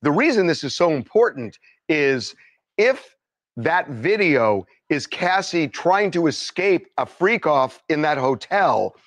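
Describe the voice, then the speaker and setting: A man discussing a case as a legal commentator on a news panel, measured and building on the other panelists' points. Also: fairly high pitch, very animated, a bit bright, dry recording.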